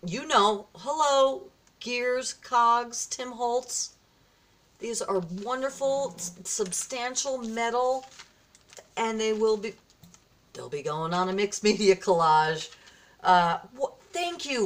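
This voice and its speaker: Slow-talking gushing woman vlogger. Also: a little high, animated, fairly bright tone. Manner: effusive and gushing, with frequent gasps and exclamations. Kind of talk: casual vlog, opening gifts from a viewer.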